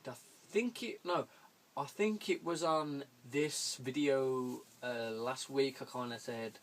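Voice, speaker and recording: A man's voice: mid-range voice, slow, a bit bright. A young man chatting through viewer questions in a rambling way, chuckling often and swearing casually. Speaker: vlogger answering viewer questions. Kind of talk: casual Q&A video. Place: room at home.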